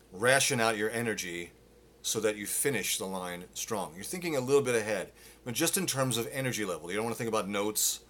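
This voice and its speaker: A middle-aged man teaching a live singing Q&A, explaining casually with lots of fillers and quick demonstrations. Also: on the low side, fairly bright tone. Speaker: vocal coach.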